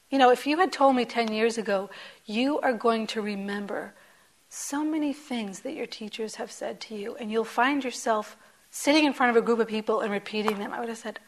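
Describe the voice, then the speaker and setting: Gentle woman giving a meditation talk. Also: fairly high pitch, moderate pace. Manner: gentle and conversational, with many soft asides and whispered phrases. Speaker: meditation teacher. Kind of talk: dharma talk. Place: meditation hall with a group.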